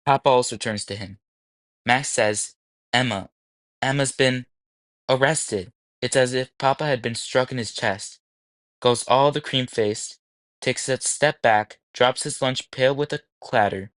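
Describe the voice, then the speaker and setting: A man narrating a novel aloud in a measured, descriptive way. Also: mid-range voice, fairly bright tone, no echo. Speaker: audiobook narrator. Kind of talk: scripted audiobook narration.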